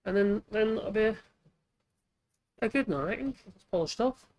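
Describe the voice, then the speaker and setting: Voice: medium pitch, normal speed, highs cut off. A woodworking channel host, chatting casually while demonstrating at the workbench, thinking aloud and correcting themselves as they go.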